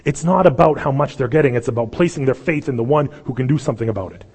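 A man preaching a sermon as pastor, swinging from loud pleading to hushed intensity. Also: mid-range voice, quick pace, slightly rough, long reverb tail. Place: church sanctuary.

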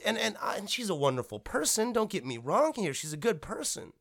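Profane, rambling man with a fairly high voice. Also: fairly bright tone. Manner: profane, blunt, rambling with frequent restarts. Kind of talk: ranting monologue.

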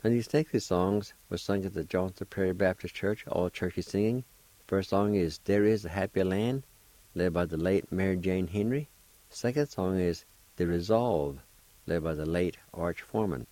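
A man hosting a radio language lesson, spelling out words and repeating each syllable deliberately. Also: low voice, warm tone, no room sound. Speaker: language teacher and radio host.

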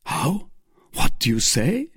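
An impetuous young swordsman who speaks in quick challenges, as a man reads him aloud in a storybook. His voice is husky and recorded dry and close. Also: medium pitch, huge pitch swings, dry recording, heavily acted. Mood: defiant. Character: fiery young male swordsman.

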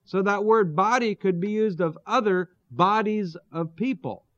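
A man teaching through a Bible passage verse by verse, pausing to explain terms and asking his listeners rhetorical questions. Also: sits high, a bit bright, no room sound. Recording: dull, lo-fi dry recording.

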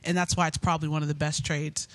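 A man's voice: on the high side, level tone, quick pace, fairly bright tone, dry recording. A man co-hosting a casual sports talk show, talking loosely and repeating himself as he makes his points. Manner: loose and rambling, repeats himself, short reactions. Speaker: podcast co-host.

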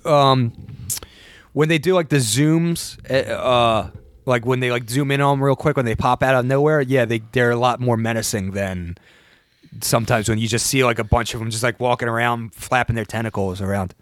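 Male host, enthusiastic rambler, mid pitch, dry recording. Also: steady tone, moderate pace, no room sound. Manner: rambling, enthusiastic, many restarts. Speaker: podcast host. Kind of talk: casual film discussion.

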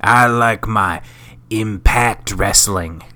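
Whiny Texan wrestling-fan complainer, put on by a sick man: slow drawl, grumbly, bright sharp voice. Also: on the low side, full character voice. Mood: grumbling. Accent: put-on Texas drawl.

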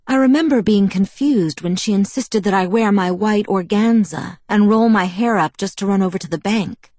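A woman's voice: medium pitch, moderate pace, darkish tone, no room sound, close to an everyday voice. A woman voicing a proud, bitter young woman vampire who tells her past in a wistful, self-mocking way, in an audiobook. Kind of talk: audiobook character reading.

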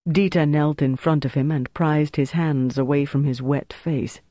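An audiobook narrator giving a steady, measured reading of a thriller. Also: mid-range voice, dry recording.

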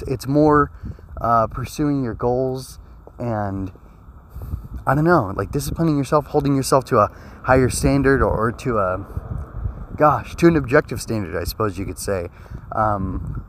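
A man's voice: fairly low pitch, a little hiss or hum. A young man with a sore throat giving a casual spoken review of an anime episode, rambling earnestly with many fillers and restarts. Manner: earnest and emotional.

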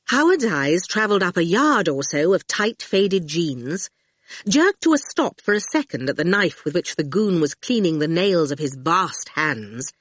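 A woman narrating an audiobook in an expressive storytelling manner, close to the mic. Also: fairly low pitch, no room sound.

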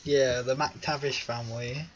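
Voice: medium pitch, steady tone, a little slow, a loud crowd. A podcast co-host chatting about an old film on a remote call, giggling often and reading quotes aloud. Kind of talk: casual film review chat.

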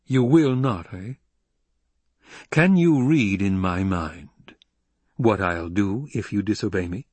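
A man with a husky voice, reading an audiobook and voicing a commanding, threatening male emperor. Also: fairly low pitch, animated, takes it slowly, pauses often, dry recording, full character voice. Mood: menacing. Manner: commanding, menacing, rising to shouts.

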